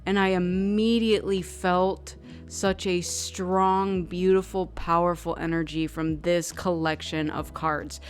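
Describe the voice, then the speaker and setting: Woman tarot reader, unhurried, effusive, mid-pitched, faint background music. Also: flat delivery. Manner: effusive and emotional, many "like" fillers. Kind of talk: intuitive tarot reading vlog.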